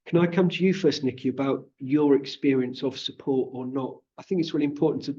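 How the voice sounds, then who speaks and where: A man's voice: mid-range voice, a little fast, mellow, lo-fi sound. A man moderating a seminar panel, asking questions in a hesitant way with repeated words. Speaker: seminar host.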